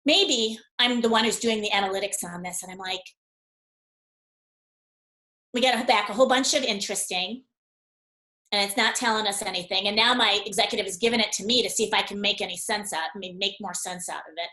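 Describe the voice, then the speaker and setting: A woman guest on a webinar, explaining ideas through an animated story and acting out the dialogue as she goes. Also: mid-range voice, fast talker, few pauses, reverberant, low-quality recording. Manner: animated storyteller who acts out dialogue, with frequent laughs.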